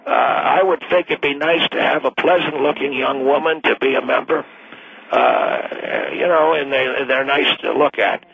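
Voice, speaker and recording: A man's voice: mid-range voice, normal speed, vocal fry, breathy edge. A man in his late seventies, a retired attorney calling in to a radio show, talking in a blustery, crude and blunt way. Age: 70s. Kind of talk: call-in radio talk. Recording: tinny phone line.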